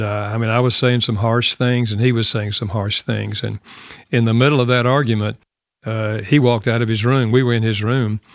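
A man with a gravelly voice recounts a story as a guest author. He halts and repeats himself, filling gaps with "you know", and the sound is dry and close. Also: medium pitch, no room sound. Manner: halting, repeats words, many "you know"s. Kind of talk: storytelling in conversation.

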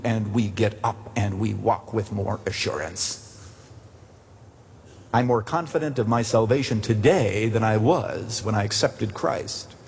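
A male pastor preaching a sermon from the pulpit, telling stories deliberately with emphatic pauses. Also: medium pitch, darkish tone, slight background noise. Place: church sanctuary at the pulpit. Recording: long church reverb.

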